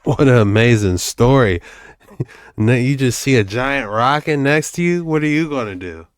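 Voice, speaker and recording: A man's voice: medium pitch, animated, normal speed, no echo, studio quality. A man hosting a reaction video, tossing in amused, offhand remarks. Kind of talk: casual reaction commentary.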